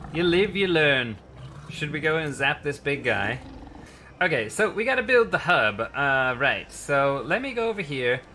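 A man commentating a survival building game as he plays, excitable and quick to yelp in panic or laugh at mishaps. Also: medium pitch, slight background noise. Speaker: gaming channel host. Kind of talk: let's play commentary.

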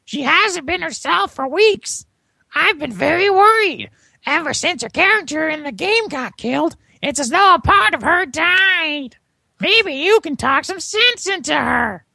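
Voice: extremely high pitch, lively intonation, a little slow, vocal fry, sharp tone, dry recording, full character voice. A podcaster voicing a scheming middle-aged female witch mentor in a comic script reading, speaking in a sly way. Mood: concerned.

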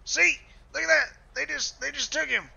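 A man's voice: very high voice, fairly even intonation, normal speed, vocal fry, sharp tone, muffled recording, heavily acted. A man playing a stammering, foul-mouthed, paranoid redneck who hunts aliens with a gun, rambling in an improvised game role-play. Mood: ranting paranoid.

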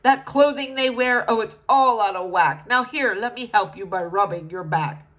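A woman's voice: fairly high pitch, moderate pace, a bit bright. A woman voicing a fawning, obsequious butler. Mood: soothing. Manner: fawning, soothing. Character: cringing obsequious male butler.

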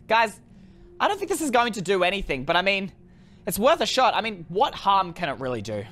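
A woman giving chatty, animated let's-play commentary to her viewers, often exclaiming in excitement. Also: medium pitch, moderate pace. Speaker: gaming video creator.

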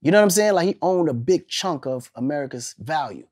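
A man in his forties, an interview guest telling animated stories, laughing and swearing casually. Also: fairly high pitch, a little fast.

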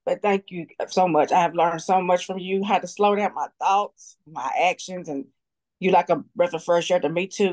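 A woman's voice: fairly low pitch, steady tone, normal speed, a little mellow. Laughing woman on a call. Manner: laughs often between words. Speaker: group call participant. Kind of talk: casual, emotional thanks.

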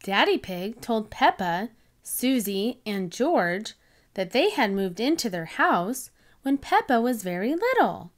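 Speaking slowly in a fairly high voice with big swings in pitch, a woman enthusiastically reads a picture book to young kids.

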